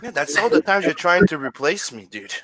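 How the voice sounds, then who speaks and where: A man's voice: on the high side, big pitch swings, a little fast, over a noisy crowd. A man co-hosting a casual livestream, joking around in a playful way. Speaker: co-host.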